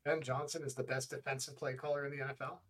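A man's voice: medium pitch, little pitch movement, quick pace, a bit bright. A man, a guest on a sports podcast, chatting casually and quizzing the others.

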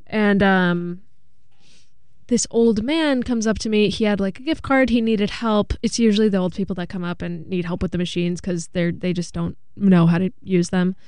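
A young woman co-hosting a podcast, telling a story in a lively way and acting out the voices of the people in it. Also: mid-range voice, moderate pace, clean tone, no echo. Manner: animated storytelling, acting out quotes. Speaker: podcast co-host. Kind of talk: casual chat.

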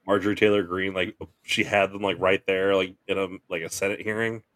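This podcast co-host sits low with a level, fairly bright tone, talking fairly quickly with no room sound. He gets fired up and curses freely in casual, profane banter before breaking into laughs and jokes.

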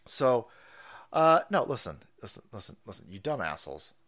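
Man, ranting streamer, crude and sarcastic, lively swinging pitch. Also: moderate pace. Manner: sarcastic, foul-mouthed, mocking. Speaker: political commentator streamer. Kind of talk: profane ranting commentary on a live stream.

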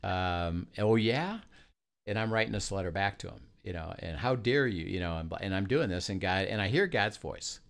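A man's voice: low-pitched, brisk, creaky, hardly any pauses, fairly bright tone. A man in casual faith talk, telling stories and acting out little dialogues. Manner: storytelling, acts out dialogue.

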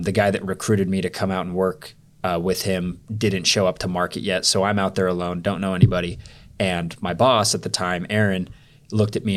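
Male podcast guest, very low voice, candid and rambling storyteller. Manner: rambling, filler-heavy, candid. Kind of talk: storytelling in a casual interview.

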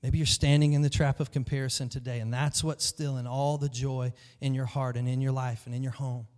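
A man preaching a sermon to his church, lively and emphatic, often acting out the voices of the people in his story. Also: medium pitch, a little fast. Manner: animated preaching, acts out quoted voices. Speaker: pastor. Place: large church hall. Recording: long hall reverb.

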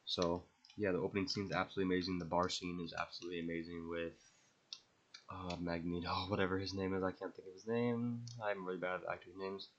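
A man's voice: low voice, level tone, fast talker, a bit bright, muffled recording, slight background noise. A young man hosting a podcast, rambling enthusiastically through his favorite movies and swearing freely. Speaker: podcast host. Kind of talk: casual movie ranking monologue.

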